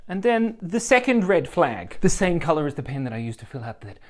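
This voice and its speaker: A man's voice: fairly high pitch, sing-song, brisk. A middle-aged Australian man telling a comic story, rambling with absurd asides and chuckling at his own jokes.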